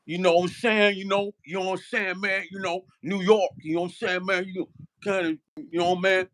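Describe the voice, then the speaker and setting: High, bright-voiced ranting man. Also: little pitch movement, a little fast. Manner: profane, repetitive, rhetorical. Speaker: vlogger; musician. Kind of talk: heated casual rant.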